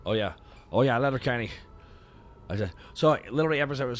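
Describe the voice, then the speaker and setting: A man's voice: mid-range voice, lively intonation, fast, long pauses. A Canadian man with a Canadian accent, hosting a stream in rambling casual chat, swearing freely and restarting his sentences. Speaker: streamer host.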